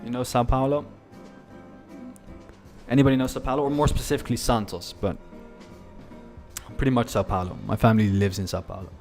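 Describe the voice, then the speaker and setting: A man's voice: mid-range voice, fairly even intonation, fairly quick, pauses often, a little mellow, soft background music. A man hosting a live trading stream, chatting casually and addressing viewers as guys.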